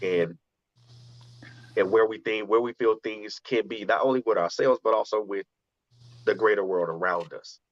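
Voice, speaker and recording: A man's voice: on the low side, moderate pace, long pauses, no echo, highs cut off. A man hosting a radio talk show, speaking earnestly and often restarting his phrases as he reflects. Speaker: radio show host and poet. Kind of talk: conversational talk, then spoken-word poetry.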